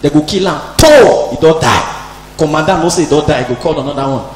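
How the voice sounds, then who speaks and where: A man's voice: on the high side, lively intonation, fast. A man in his forties with a Nigerian Pidgin English accent, performing a stand-up comedy routine on stage and acting out every character in his jokes. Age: 40s. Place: live event stage. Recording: echoey hall, faint hum.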